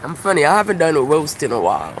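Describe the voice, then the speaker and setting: A man live-streaming outdoors by a busy street, rambling through a profane, animated monologue and laughing at his own jokes. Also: on the high side, quick pace. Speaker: YouTube livestreamer and self-described comedian. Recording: outdoor street traffic noise. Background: passing cars and birdsong.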